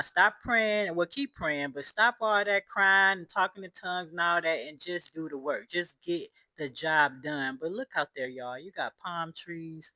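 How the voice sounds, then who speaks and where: A woman chats to her viewers from an outdoor building site. Her voice is bright and forward, picked up close and dry. She talks with emphasis and slides into pep-talk preaching. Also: lowish voice, no echo, poor audio. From United States. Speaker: vlogger and land developer. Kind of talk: casual vlog talk.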